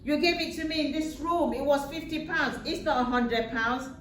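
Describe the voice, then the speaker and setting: A woman's voice: high voice, moderate pace, a bit bright, pitched above the performer's own voice. A desperate poor man pleads in a raised, insistent voice, put on by a woman telling a story. The room sounds echoey, and the mic is distant. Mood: pleading. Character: desperate poor man, protesting his innocence.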